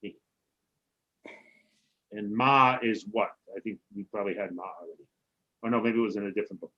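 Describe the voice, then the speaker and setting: A man, a rabbi, teaching a relaxed Hebrew class over a video call, often checking in with "right?". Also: lowish voice, a little fast, lo-fi sound. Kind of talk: casual online class teaching.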